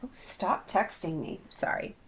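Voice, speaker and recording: A woman hypnotherapist talking in a casual personal vlog, reflective and confessional, often restarting her sentences. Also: a little slow.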